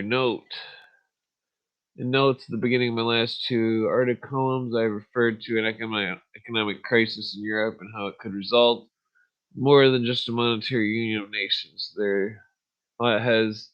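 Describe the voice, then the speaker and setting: A man's voice: lowish voice, highs cut off. Profane, blunt male podcast host. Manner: profane, blunt, frequent fillers. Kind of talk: casual ranting and reading aloud.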